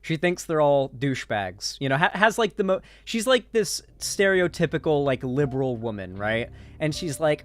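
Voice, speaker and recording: A man's voice: a little high, lively intonation, normal speed, few pauses. A man giving casual, sarcastic commentary, profane and full of fillers and restarts. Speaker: online commentator. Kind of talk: casual political commentary, recapping a movie.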